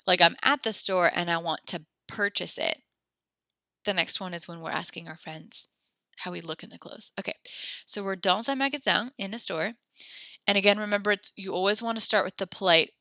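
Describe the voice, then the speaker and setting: A woman's voice: fairly low pitch, no room sound. Encouraging woman teaching French online. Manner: encouraging, upbeat, corrects students gently. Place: home, on a video call. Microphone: computer mic on a video call.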